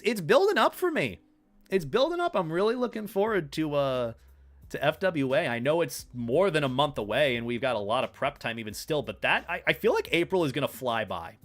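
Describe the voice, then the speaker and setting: A man's voice: on the high side, a bit bright. Playful rambling male streamer. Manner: rambling, playful, talks to chat. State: hiccups. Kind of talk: casual live stream chat.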